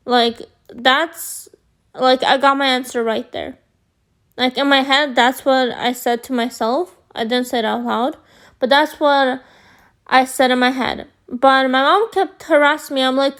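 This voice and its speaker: A woman vlogger telling a story to her viewers, rambling with lots of fillers, her voice a bit hoarse from screaming. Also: high voice, steady tone, slow. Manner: rambling, filler-heavy, addresses viewers as guys. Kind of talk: storytime chat.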